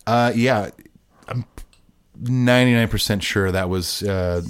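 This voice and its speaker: A man's voice: fairly low pitch, measured pace, clean tone. A man co-hosting a podcast, talking casually with lots of fillers and restarts. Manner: relaxed, rambling with restarts and fillers. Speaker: podcast co-host. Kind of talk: casual chat.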